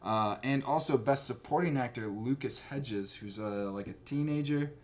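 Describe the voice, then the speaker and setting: A man hosting a casual chat, talking in an animated, rambling way. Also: medium pitch, moderate pace. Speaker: host.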